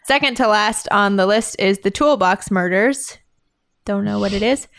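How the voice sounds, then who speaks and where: A woman's voice: mid-range voice, moderate pace, a bit bright. A woman co-hosting a casual podcast, reading out a list and laughing often. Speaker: podcast co-host.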